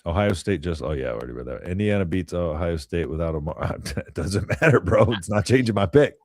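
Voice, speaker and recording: Deep-voiced young man, opinionated sports chat. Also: expressive, fairly quick, darkish tone, no room sound, clean studio sound. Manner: opinionated, rambling, frequent throat clearing, says bro. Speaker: co-host of a sports call-in show.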